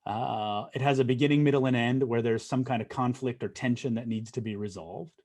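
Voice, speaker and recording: A man's voice: mid-range voice, brisk, a little mellow. A man hosting a podcast interview, talking conversationally and recapping points with tag questions. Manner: conversational, recaps points, frequent fillers and "right?". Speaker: podcast host.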